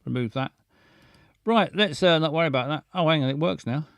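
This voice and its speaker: A man hosting a live show, chatting casually in a halting, playful way with many restarts and silly jokes. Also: on the high side, creaky, fairly bright tone, no echo, clean studio sound. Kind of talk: casual rambling live chat.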